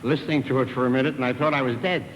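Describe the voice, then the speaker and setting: An older comedian doing a vaudeville stand-up monologue, wisecracking through one side of a phone call. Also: male voice, mid-range voice, steady tone, rapid-fire, very noisy. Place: theater stage with live audience. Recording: echoey 1960s TV theater stage.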